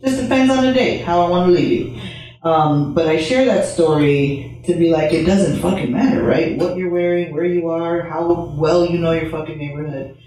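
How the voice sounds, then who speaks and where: A storyteller from Chicago shares a personal story on stage in a low, warm voice at normal speed. She's blunt, candid and profane, with laughing asides. She stands some distance from the mic in a very echoey room.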